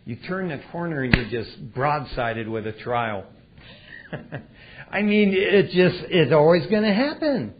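A man preaching a sermon in a folksy way, swinging between loud and hushed delivery. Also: a little high, lively intonation, unhurried, slightly rough. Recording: dull lo-fi recording.

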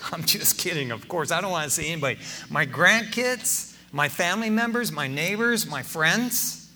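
Animated, bright-voiced older preacher man. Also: a little high, normal speed, slight background noise. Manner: animated and folksy, peppered with "man". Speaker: pastor. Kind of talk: sermon.

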